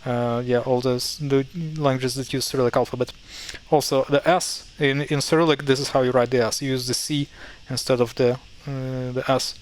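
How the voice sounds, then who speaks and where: A man's voice: mid-range voice, level tone, normal speed, hardly any pauses, a little hiss or hum. Hesitant man explaining pronunciation. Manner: hesitant, many fillers and self-corrections. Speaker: language teacher. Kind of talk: casual explanatory lesson.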